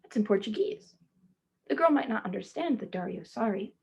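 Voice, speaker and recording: A woman teacher reading a children's picture book aloud, stopping to gently ask her young listeners questions. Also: medium pitch, expressive, moderate pace, vocal fry, breathy edge. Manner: speaks to children as "friends".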